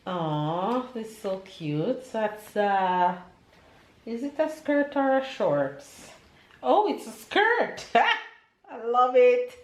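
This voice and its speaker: A woman's voice: a little high, sing-song, takes it slowly. A woman vlogging casually as she unboxes gifts, gushing and emotional. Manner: gushing, emotional, near tears. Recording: echoey room with faint noise.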